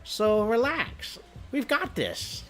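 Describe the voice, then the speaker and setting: Casting: confident woman supervillain thief, breezy and conspiratorial, very lively delivery, read by a man. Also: extremely high pitch, slow, soft background music, voice pushed up, full character voice. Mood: reassuring.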